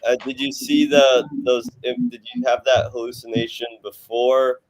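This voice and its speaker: A man on a live panel chat pushes back skeptically and speaks in halting bursts, often restarting his sentences. His pitch sits in an ordinary middle range. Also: level tone, a little hiss or hum, low-quality recording. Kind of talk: casual group discussion.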